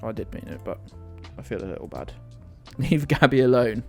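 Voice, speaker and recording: Male game streamer, animated, rambling, sweary, self-mocking. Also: mid-range voice, moderate pace, gravelly, soft background music. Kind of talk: live-stream commentary.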